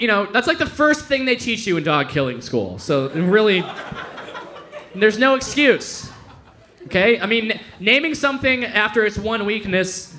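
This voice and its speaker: A young man from Denver hosting a comedy club night, delivering stand-up in a loose, rambling way and now and then jumping into loud mock voices. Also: high-pitched, a little hiss or hum. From Denver, Colorado. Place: comedy club stage with audience laughter.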